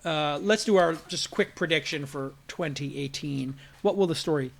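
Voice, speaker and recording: A man's voice: on the high side, moderate pace, creaky, slight background noise. A man hosting a tech news roundtable, chatting casually, joking and humming a quiz-show tune while his guests think. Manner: lively, hums a quiz-show tune, jokes. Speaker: podcast host.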